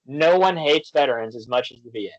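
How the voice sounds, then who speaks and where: A man guest on a podcast, chatting casually and telling animated stories, acting out the quoted back-and-forth. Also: medium pitch, fairly quick, no echo, lo-fi sound. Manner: storytelling, animated, acts out quoted exchanges. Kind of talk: casual chat.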